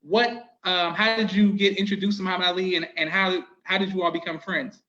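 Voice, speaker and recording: A man's voice: sits high, fairly even intonation, brisk, sharp tone, muffled recording. A man hosting a podcast interview, asking questions in a polite, deferential manner. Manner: polite, deferential, often says "yes, sir". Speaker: podcast host.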